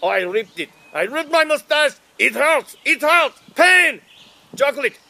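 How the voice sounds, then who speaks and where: A silly cartoon Frenchman with a mustache, as a man puts him on, talking in a high, sing-song voice that leaps around wildly. He draws out his words slowly and theatrically in a put-on cartoon French accent. The sketch is recorded outdoors on grass. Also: expressive, sharp tone, heavily acted. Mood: pained. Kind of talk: comedic sketch vlog.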